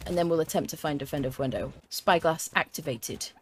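A young woman streaming a video game, chatting excitably to the creatures and her viewers as she plays. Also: sits low, a little fast, slight background noise. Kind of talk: let's play commentary. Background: faint game music.

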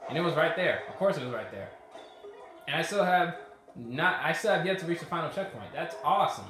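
A bright, high-voiced man narrates his own gameplay in a lively, swinging tone, swearing and shouting at the game in frustration. His voice rings in a very echoey room while game music plays faintly underneath. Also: brisk. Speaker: gaming YouTuber. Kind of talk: let's play commentary.

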